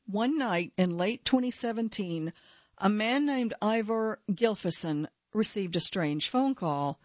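A woman narrating a true-crime story in a measured, steady scripted delivery. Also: mid-range voice, no echo. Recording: slightly dull, dry studio sound.

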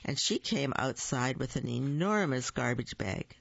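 A storyteller reading a picture book aloud at a deliberate pace, with small slips. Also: mid-range voice, expressive, gravelly, no room sound, lo-fi sound.

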